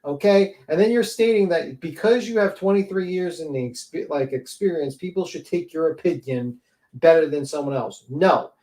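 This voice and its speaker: A high-pitched man holds court on a livestream panel, venting with heavy cursing and mocking sarcasm. His voice rings with the echo of the room he records in. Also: normal speed, darkish tone. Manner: profane, ranting, sarcastic. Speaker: panel host. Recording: roomy echo.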